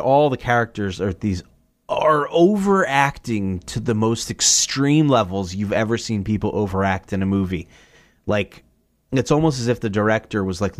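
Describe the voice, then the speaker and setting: A man hosting his own podcast, running through movie recommendations in a loose, rambling, jokey way, swearing freely and often jumping into excited, higher asides. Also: normal speed, dry recording. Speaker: podcast host. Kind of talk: casual solo movie review.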